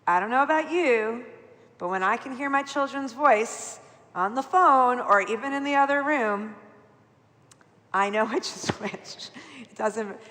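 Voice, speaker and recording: A middle-aged woman leading Torah study in a conversational, animated way, often checking in with "right?". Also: a little high, measured pace. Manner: chatty, animated, peppered with "right?". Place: large synagogue sanctuary. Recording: long hall reverb from a live broadcast.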